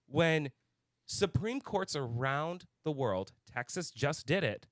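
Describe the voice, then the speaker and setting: A man's voice: a little high, animated, slow pace, no room sound, studio quality. Heated, swearing male podcast co-host. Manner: heated, swears often, bursts of anger. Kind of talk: casual chat.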